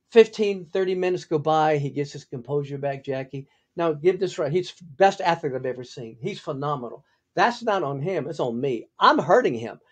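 An older man hosting a podcast, telling a story in an animated way and acting out other people's lines. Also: breathy edge. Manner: animated, acts out quotes with big pitch jumps. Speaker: podcast host. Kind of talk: storytelling monologue.

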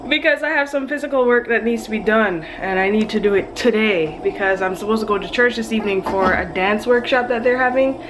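Chatty high-voiced young mom vlogging. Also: female voice, fairly quick, few pauses, noisy background. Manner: chatty, switches to playful sing-song talk with her children. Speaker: family vlogger and mother. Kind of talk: casual chat to camera. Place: at home in a bedroom.

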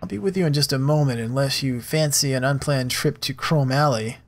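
A man voicing a polite, cultured male rigger with a faint Russian accent, speaking courteously with a quiet edge of menace. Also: medium pitch, a little fast, lightly acted.

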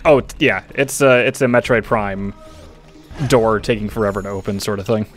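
A man's voice: lowish voice, steady tone, moderate pace, soft background music. A man streaming a video game, chatting casually with friends and chuckling often. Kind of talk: casual let's-play chat.

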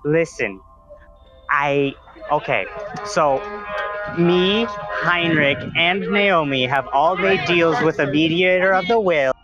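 A man's voice: fairly high pitch, slow, pauses often, dull audio, music in the background. A man playing in a tabletop game, describing his character's actions in a hesitant way, full of fillers. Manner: hesitant, filler-heavy narration. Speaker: player. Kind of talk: tabletop role-play chat.

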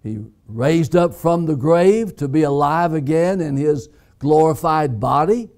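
A man preaching a sermon as pastor, deliberate and emphatic, repeating key phrases. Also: a little high, a little mellow. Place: church sanctuary.

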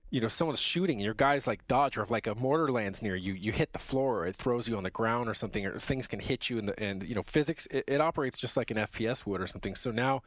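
A man's voice: mid-range voice, quick pace, hardly any pauses, a bit bright, no room sound. A man co-hosting a podcast, chatting casually and enthusiastically about games in long rambling stretches. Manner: enthusiastic, rambling gamer talk. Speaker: podcast co-host. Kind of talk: casual chat.

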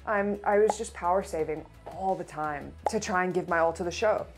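A woman's voice: lowish voice, brisk, faint music behind. A woman, hosting a casual baking tutorial, chatty and playful with jokey asides. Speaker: host of a baking show.

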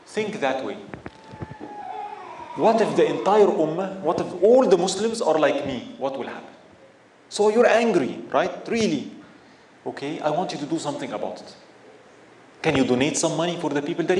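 A man's voice: on the high side, expressive, normal speed, pauses often, darkish tone. A man giving a religious lecture, impassioned and full of rhetorical questions that build to emphatic outbursts. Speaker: Islamic lecturer. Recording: echoey room with faint background noise.

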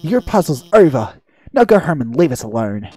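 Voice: mid-range voice, very animated, moderate pace, mellow, husky. A gamer doing a nervous, eager scientist. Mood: excited.

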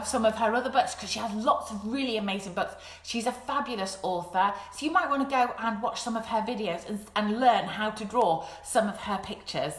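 A woman, reading a picture book aloud on a live stream for young children. She is animated and drops into soft whispers and squeaky sound effects. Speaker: children's storyteller. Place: home kitchen. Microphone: camera set up in front of her. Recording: roomy home room echo.

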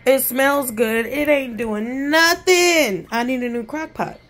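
A woman's voice: high-pitched, takes it slowly, a bit bright. A woman chatting bluntly in a casual home vlog from her kitchen, swearing freely and talking with her lips barely open. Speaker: vlogger.

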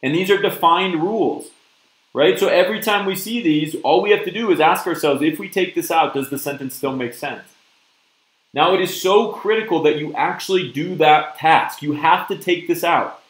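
A man's voice: fairly high pitch, normal speed, fairly bright tone, reverberant, poor audio. A man teaching a live-streamed test prep lesson, upbeat and often checking in with "okay?" and "right?". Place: virtual classroom stream.

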